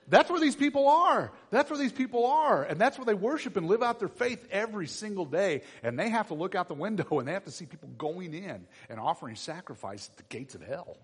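Animated preacher with a breathy voice in a reverberant church. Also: male voice, fairly high pitch, brisk. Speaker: pastor. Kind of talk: sermon. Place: church sanctuary. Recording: long reverb in a church hall.

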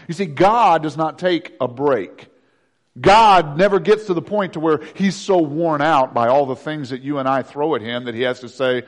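High-voiced man preaching a sermon. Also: moderate pace, big-room sound. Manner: swings from loud to hushed, acts out voices. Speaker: pastor.

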